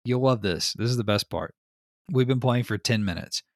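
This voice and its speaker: A man hosting a podcast, telling stories in casual chat with an animated, rambling manner. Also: medium pitch, normal speed, dry recording, studio quality. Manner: animated storyteller, frequent fillers. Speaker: podcast host.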